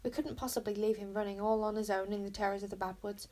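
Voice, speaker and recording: A woman voicing a lonely, hopeful young princess in a storybook reading, soft and wheedling. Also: mid-range voice, fairly even intonation, fast talker, natural voice. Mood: pleading. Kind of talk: storybook read-aloud.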